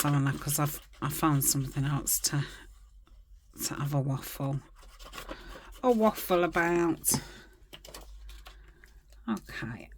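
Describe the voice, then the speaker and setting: Middle-aged woman, low unhurried voice, rambling crafting chat with muttered asides, faint noise behind. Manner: rambling, chatty, murmurs asides to herself. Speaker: craft channel host. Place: home crafting desk.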